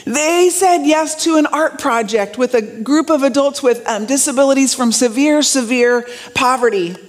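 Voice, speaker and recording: A woman's voice: sits high, moderate pace. A middle-aged woman pastor preaching a sermon in a chatty way, talking straight to the congregation. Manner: warm, chatty, addresses the congregation directly.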